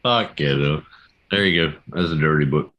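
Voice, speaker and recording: A man's voice: a bass voice, moderate pace, highs cut off. A man with an American accent, crude and laid-back, chatting casually on a podcast while tipsy.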